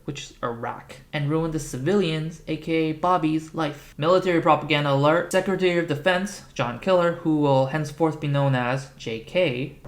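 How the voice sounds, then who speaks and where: A video essayist recapping a film with sarcastic, ironic asides and comic timing. The voice sits at a middle pitch with a casual, wry delivery. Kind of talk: comedic video-essay narration.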